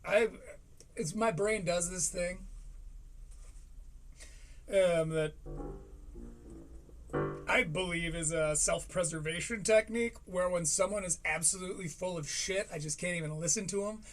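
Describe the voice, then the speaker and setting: High-voiced chatty male streamer. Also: recorded from a distance, faint music behind. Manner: chatty, self-deprecating, quick asides. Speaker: streamer host. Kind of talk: casual live-stream commentary.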